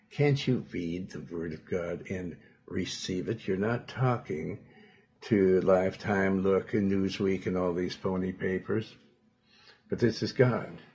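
A man preaching a sermon as pastor, quoting scripture in old-fashioned wording, with sudden loud emphatic bursts. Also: low voice, creaky, a little hiss or hum.

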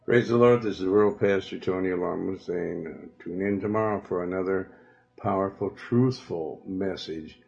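Deep gravelly pastor, echoey tape. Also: male voice, fairly even intonation, a little mellow. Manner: slow, deliberate prayer-leading with drawn-out phrases. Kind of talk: radio sermon and altar-call prayer. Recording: echoey, muffled old radio tape.

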